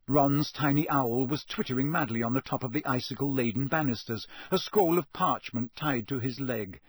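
Husky man narrating a storybook. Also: mid-range voice, normal speed, hardly any pauses, no room sound. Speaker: audiobook narrator. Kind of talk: scripted narration.

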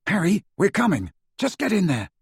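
Shaky, high-pitched teen boy wizard in an audiobook, voiced by a man; husky, dry, lively delivery. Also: very slow, no room sound, heavily acted. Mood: urgent. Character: frightened, breathless teenage boy wizard. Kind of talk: audiobook character voice.

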